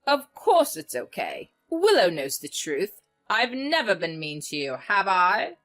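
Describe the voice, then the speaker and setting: A woman's voice: mid-range voice, very animated, unhurried, fairly bright tone, faint music behind. A woman doing a spiteful mother-in-law. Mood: defensive. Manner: defensive, pleading denials.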